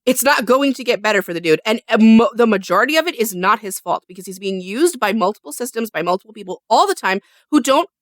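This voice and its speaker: A woman's voice: a little high, lively intonation, quick pace, few pauses, no echo, clean studio sound. A woman co-hosting a casual podcast chat, making emphatic points and swearing freely. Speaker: podcast co-host.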